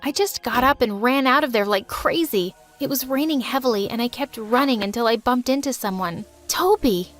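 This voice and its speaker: A woman telling a first-person animated drama, her voice bright and high. She narrates with dramatic emotion, faint music playing beneath. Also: a little fast, few pauses.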